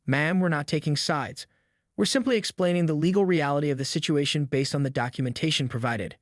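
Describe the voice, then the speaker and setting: A synthetic male narrator voice speaking as a calm, professional police sergeant who stays firm but polite. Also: on the high side, fairly quick, no room sound, clean studio sound, lightly acted. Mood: composed.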